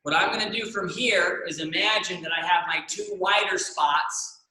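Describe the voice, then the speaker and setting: Here a young man guides stretches in an indoor dance studio, speaking at a normal speed in a high, pushed, bright voice, with countdowns and frequent "all right?" check-ins. A camera in the room records him, turning away at times, and the space sounds echoey.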